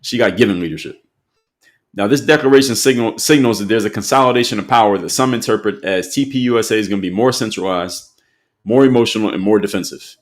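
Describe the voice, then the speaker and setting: A man's voice: fairly low pitch, quick pace. A man hosting an opinion commentary show, speaking emphatically and repeating his points for effect.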